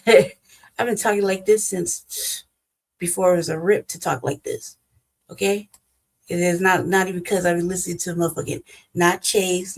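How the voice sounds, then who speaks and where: A woman's voice: mid-range voice, low-quality recording. A woman host with African American English, giving blunt, profane commentary as she reacts to a debate clip. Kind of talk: casual commentary.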